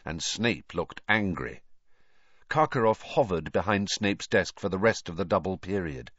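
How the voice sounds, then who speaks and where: Low-voiced man with animated narration. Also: dry recording, muffled recording. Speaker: audiobook reader. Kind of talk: scripted narration.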